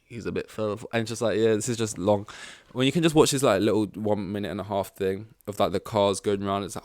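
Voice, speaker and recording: Rambling low-voiced man, dry sound. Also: fairly even intonation, fast, few pauses, a little mellow, no room sound. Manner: rambling, filler-heavy, swearing. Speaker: podcast host. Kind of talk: casual chat.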